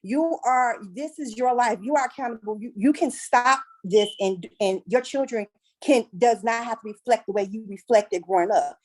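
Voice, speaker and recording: A woman speaks on a discussion panel about her own experience. Her voice sits a little high, and she delivers her story with lively energy. She slips into the voices of people she quotes and laughs easily. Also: normal speed, low-quality recording. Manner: animated, laughs often, acts out quoted voices. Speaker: panel guest. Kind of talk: personal testimony in a panel discussion.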